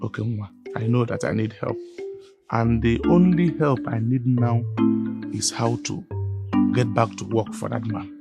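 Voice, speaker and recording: A man's voice: mid-range voice, a little slow, creaky, loud music behind the voice. An actor with a Nigerian accent playing a desperate young servant who stammers and begs to keep his job in a Nollywood film. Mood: pleading. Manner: stammering, pleading.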